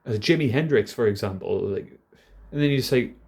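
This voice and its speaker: A man's voice: medium pitch, animated, fairly quick, creaky, a little mellow. A man in his thirties with a Geordie accent, rambling casually and self-deprecatingly to camera, swearing a lot. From North East England. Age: 30s. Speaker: vlogger.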